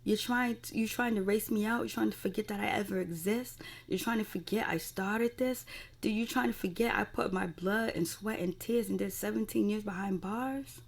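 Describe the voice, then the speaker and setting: A woman's voice: medium pitch, moderate pace, creaky. A woman voicing a fierce, furious woman who confronts her ex with cursing.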